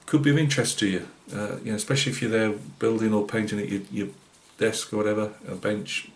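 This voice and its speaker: A man's voice: on the low side, steady tone, fast talker. Rambling Northeast English man, roomy sound. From Britain. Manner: rambling and hesitant, many fillers and restarts. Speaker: scale-modelling channel host. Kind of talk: casual vlog chat. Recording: roomy echoey room.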